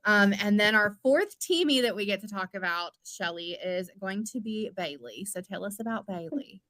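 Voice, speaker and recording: A woman's voice: medium pitch, animated, moderate pace, fairly bright tone, dry recording. A woman chatting casually and bubbly about skincare as a co-host. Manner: bubbly, chatty, self-deprecating. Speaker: skincare business leader, co-host. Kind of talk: casual livestream chat.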